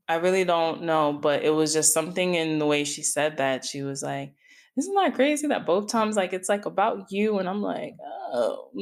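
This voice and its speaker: Candid low-voiced woman podcast host. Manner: candid and confiding, laughs often, speaks to listeners directly. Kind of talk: reflective solo podcast talk.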